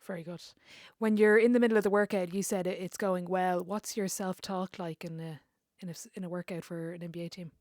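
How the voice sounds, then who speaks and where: A woman's voice: lowish voice, fairly even intonation, a little fast, a little mellow, no room sound, clean studio sound. A woman hosting a podcast interview, asking questions in a friendly, chatty way. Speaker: podcast host.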